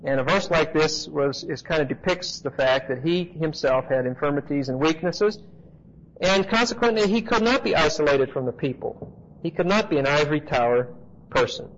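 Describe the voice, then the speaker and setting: Brief: male Bible teacher with a fairly high voice, chatty and emphatic, heard on a dull lo-fi tape. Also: lively intonation, moderate pace. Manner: conversational, emphatic, checks in with the class. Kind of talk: expository Bible teaching to a class. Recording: dull lo-fi recording with faint hiss.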